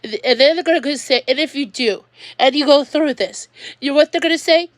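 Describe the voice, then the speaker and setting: Livestreaming from home, a woman speaks in a high, fairly quick voice, rambling and upset, often starting her sentences over. The recording is dry, and the clip is an emotional personal monologue.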